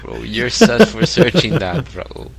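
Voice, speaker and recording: A man's voice: mid-range voice, huge pitch swings, unhurried, creaky, crowd noise. A man in casual chat reacting in disbelief, using slang and swearing heavily. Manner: incredulous, slangy, swears a lot. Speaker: podcast co-host.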